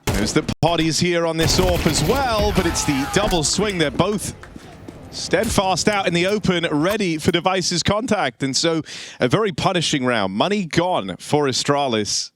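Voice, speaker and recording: A man commentating a competitive shooter match, joking with his co-caster and rising to excited calls. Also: fairly high pitch, moderate pace. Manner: lively, jokey, rises to excited calls. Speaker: esports commentator. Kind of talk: play-by-play commentary with banter. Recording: noisy game audio behind. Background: gunfire and game sounds.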